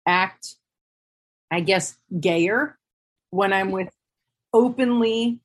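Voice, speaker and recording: A woman on a podcast panel, talking things through in a thoughtful, candid way, often pausing and restarting her sentences. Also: mid-range voice, rough recording. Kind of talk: reflective panel discussion.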